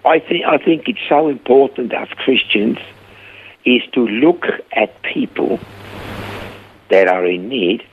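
A man, telling stories in an animated way as the guest of an interview about his rehab ministry. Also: mid-range voice, slow, pauses often, husky. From Australia. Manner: animated storyteller, acting out quoted dialogue. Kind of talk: storytelling interview. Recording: narrow phone-like radio audio.

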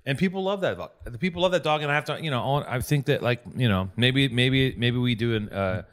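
A man's voice: medium pitch, expressive, brisk. A man hosting a podcast, telling rambling, profane stories in casual chat. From Los Angeles. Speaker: podcast host.

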